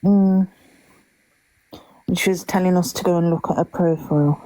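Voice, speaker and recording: A woman's voice: lowish voice, fairly even intonation, moderate pace, dark tone, low-quality recording. A woman chatting casually, hesitating as she searches for words. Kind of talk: casual chat.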